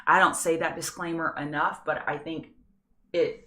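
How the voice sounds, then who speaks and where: Low-voiced woman talking markets. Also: steady tone, moderate pace, pushed and bright. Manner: chatty, self-deprecating, scattered asides. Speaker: trading show host. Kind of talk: live market analysis stream.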